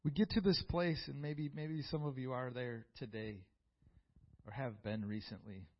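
A man's voice: medium pitch, fairly even intonation, moderate pace, lo-fi sound. A man preaching a sermon in a church, reading scripture aloud and building to fervent peaks.

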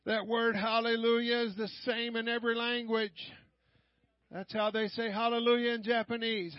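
An older man leading fervent prayer and preaching at a church service, often shouting and repeating lines of praise. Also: very high-pitched, level tone, normal speed, dry recording, dull audio.

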